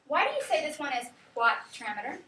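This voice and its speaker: A woman teacher giving a lively classroom lecture, quizzing her students and counting out rhythms aloud. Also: high voice, brisk. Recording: echoey classroom from far off, faint hiss.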